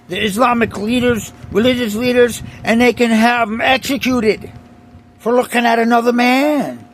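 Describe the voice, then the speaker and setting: A man's voice: very high-pitched, a little hiss or hum. A man delivering an emphatic, repetitive ranting monologue, often restarting his sentences.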